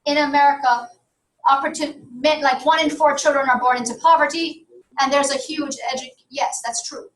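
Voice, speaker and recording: A woman's voice: high-pitched, fairly even intonation, moderate pace, fairly bright tone. A woman lecturer teaching a university class, talking in loose, self-correcting sentences and checking in with "okay?". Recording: roomy classroom audio from a distance.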